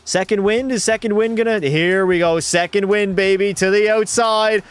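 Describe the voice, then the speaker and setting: A young man streaming a hockey video game live, commentating excitedly, swearing and chatting with viewers. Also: high voice, normal speed, few pauses, clean tone.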